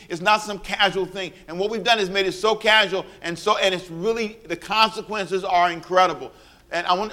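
A man preaching in a church with a bright, fairly high voice. He is lively and playful, tells stories with humor, and leads the congregation in call-and-response. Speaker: pastor. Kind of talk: sermon.

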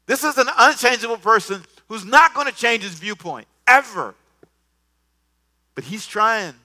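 Male pastor, high bright tenor, animated sermon delivery with repeated words. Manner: animated, swings from soft asides to loud emphatic bursts; repeats words, acts out scripture dialogue.

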